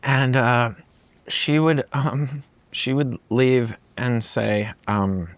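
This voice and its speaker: A man's voice: medium pitch, fairly even intonation, no echo. A male comedian from Massachusetts, likely in his forties, talking casually as a guest, often restarting his sentences. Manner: halting, restarts phrases, chuckles. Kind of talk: casual conversation.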